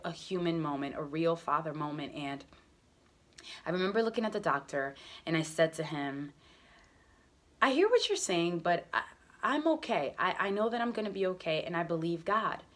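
A woman's voice: on the low side, lively intonation, moderate pace, a bit bright. A young adult woman telling her personal faith testimony in an earnest, conversational way, with many casual fillers. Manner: earnest, conversational, frequent "like" and "you know". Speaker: testimony speaker.

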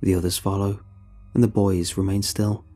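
A man narrating a scripted horror story in a slow, measured way. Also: low-pitched, level tone, warm tone, soft background music.

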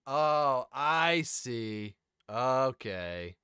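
A man hosting a reaction video, talking casually to himself with quick exclamations. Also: mid-range voice, animated, fairly bright tone, smooth, no echo.

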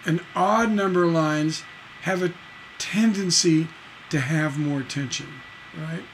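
A man's voice: a little high, takes it slowly, a little hiss or hum, poor audio. A man teaching songwriting on a livestream, reading lyrics and counting beats aloud, with many fillers and restarts. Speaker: songwriting instructor.

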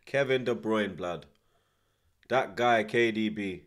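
A man's voice: fairly low pitch, slow pace. Swearing man ranting about football. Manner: swearing, repetitive ranting with street slang. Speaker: host. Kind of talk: football watchalong commentary.

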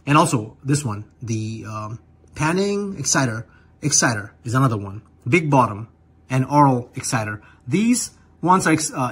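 A young man casually walking through the controls of an audio mixer, chatty and peppered with quick "okay?" and "right?" check-ins. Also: medium pitch, a bit bright, slightly rough. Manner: chatty, talks while pointing at controls, many "okay?" and "right?" tags. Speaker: gear reviewer. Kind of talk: casual product demo.

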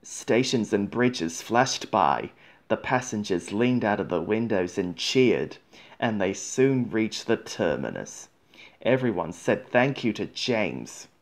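A man reading a children's storybook aloud in a gentle, measured way. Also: fairly low pitch, expressive.

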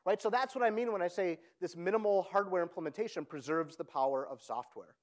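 A man giving an energetic conference keynote, often checking in with the audience by asking "right?". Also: high voice, quick pace. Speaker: conference speaker. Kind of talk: keynote talk.

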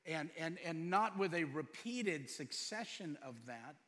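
A pastor in his fifties preaches to his congregation, throwing out question after question and moving between loud and hushed. His voice sits somewhat high and rings bright. The sound carries a long church reverb. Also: expressive, a little slow. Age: 50s. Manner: preaching with rhetorical questions, swinging loud and soft. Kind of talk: sermon.

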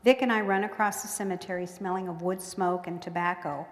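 A woman's voice: lowish voice, fairly even intonation, a little fast. A woman author reading her book aloud with folksy storytelling in a museum courtroom. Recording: echoey hall with long reverb.

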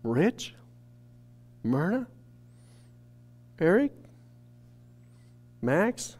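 A man's voice: sits high, sing-song, extremely slow. A man from a church staff telling an earnest, emotional testimony in a sermon. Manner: earnest storytelling, rising to shouted quotes.

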